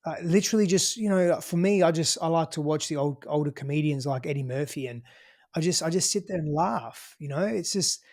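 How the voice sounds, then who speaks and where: A man's voice: a little high, a little fast, darkish tone. A man with an Australian accent, a podcast guest giving casual advice in an emphatic, sweary way, full of "you know" and "right?".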